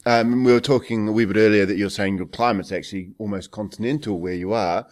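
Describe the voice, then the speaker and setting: A man's voice: fairly low pitch, steady tone, fast talker, darkish tone. A man with a New Zealand accent hosting a casual, chatty and jokey interview. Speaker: host.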